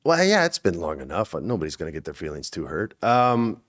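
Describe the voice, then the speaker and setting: A man in his forties, an actor as interview guest, telling stories casually and acting out quotes with sudden high bursts. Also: big pitch swings, a little fast.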